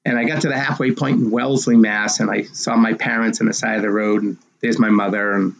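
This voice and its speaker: A man in his sixties, a race director telling his story in an interview in an animated way and acting out the dialogue. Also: fairly low pitch, fairly quick, vocal fry, a little hiss or hum, rough recording.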